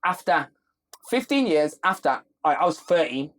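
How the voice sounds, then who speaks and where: A man, a rapper being interviewed in casual chat, talking in rapid, animated street slang with lots of restarts. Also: on the high side. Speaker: rapper and guest.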